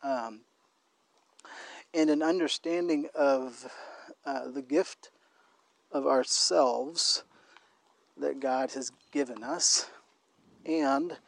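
A man co-hosting a casual conversational podcast, talking in a thoughtful, halting way and often restarting his phrases. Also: medium pitch, creaky, no room sound. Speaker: podcast co-host.

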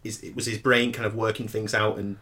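A man's voice: on the low side, flat delivery, fairly quick, bright, forceful tone, slight background noise. A man co-hosting a podcast, chatting casually and laying out his ideas in a thoughtful way. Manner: thoughtful, theorizing. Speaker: podcast co-host. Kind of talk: casual chat.

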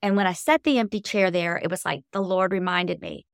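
A woman's voice: fairly low pitch, fairly quick, creaky, no room sound, studio quality. A middle-aged woman, a guest author, telling heartfelt faith-based stories in an interview with an earnest, emotional manner.

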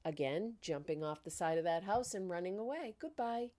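Animated area woman telling a story. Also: on the low side, fairly quick. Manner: animated, laughing, acts out quoted dialogue. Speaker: podcast host. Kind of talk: casual storytelling monologue.

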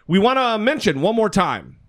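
High-pitched guy co-hosting a political podcast, bouncy voice, rambles and swears. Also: big pitch swings, moderate pace. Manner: chatty, rambling, swears casually. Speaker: podcast co-host. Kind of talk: casual political podcast chat. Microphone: studio mic.

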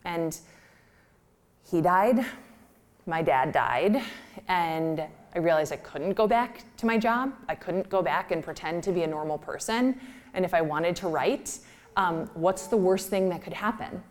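Woman from Minnesota, writer, storytelling talk, lots of "like" and "um", slightly low pitch. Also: animated, a little slow. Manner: chatty, self-deprecating, full of "like" and "um".

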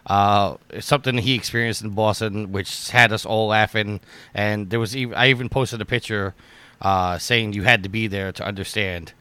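Male podcast host, bright and smooth, upbeat, keeps the chat moving; dry sound. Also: fairly low pitch, fairly even intonation, moderate pace, no echo. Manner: upbeat, steers the conversation.

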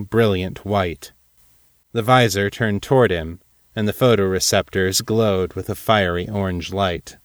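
A man reading scripted fiction aloud as narrator, in a measured storytelling manner. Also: fairly low pitch, no echo, studio quality.

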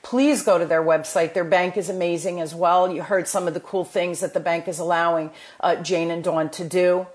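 A woman's voice: fairly low pitch, fairly even intonation, moderate pace, few pauses. A woman with a New Jersey accent, hosting a podcast and giving enthusiastic, motivational talk full of restarts. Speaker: podcast host. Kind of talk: casual chat.

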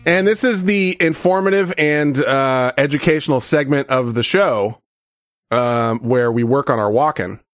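A man's voice: medium pitch, measured pace, no echo, faint music behind. A man hosting a podcast in casual chat, playful and teasing, swearing freely. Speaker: podcast host.

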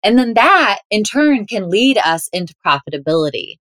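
A woman's voice: medium pitch, very animated, normal speed, fairly bright tone, no echo, studio quality. A woman guest on a podcast interview, talking in an upbeat, playful way. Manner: upbeat, playful, laughs often. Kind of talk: interview, conversational.

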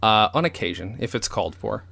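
A man from upstate New York hosting a comedy podcast, measured and reflective, with a self-deprecating streak. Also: on the low side, expressive, gravelly, pushed and bright. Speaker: podcast host. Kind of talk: casual podcast chat.

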